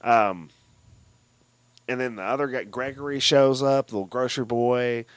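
A film podcast co-host with a clear, resonant, mid-range voice talks at an ordinary pace on a dry recording. Casual and profane, he swears freely and brings scenes to life through mocking voices.

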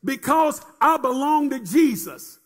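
A man with a very high voice preaches in a rising and falling, chanting cadence. He repeats phrases and calls on the congregation to respond as he delivers a sermon. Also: lively intonation, unhurried, fairly bright tone.

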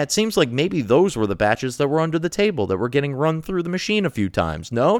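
A man's voice: fairly high pitch, no room sound, clean studio sound. A man hosting a political commentary show, delivering a profane, mocking, sarcastic rant.

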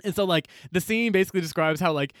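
A man's voice: high-pitched, quick pace, fairly bright tone, no room sound, clean studio sound. A man co-hosting a casual book podcast, retelling scenes animatedly and acting out the characters' lines, with lots of "like". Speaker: podcast co-host.

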